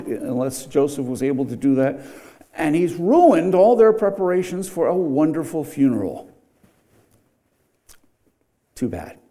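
A man's voice: on the high side, mellow. A middle-aged man preaching a sermon in a conversational way, with asides and restarts. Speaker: pastor.

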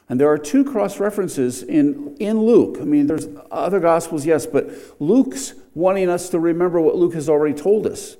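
Middle-aged guy preaching, chatty with lots of asides, a bit higher voice, warm mellow sound. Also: animated, moderate pace, hardly any pauses. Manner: conversational, with asides and restarts. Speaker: pastor. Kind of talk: sermon.

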